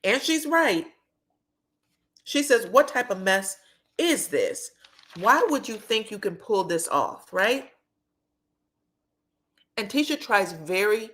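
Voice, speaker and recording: Woman, reality TV recap, casual gossip talk, acts out quotes, swears freely, very lively pitch. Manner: animated storytelling, acting out quotes, swearing, laughing.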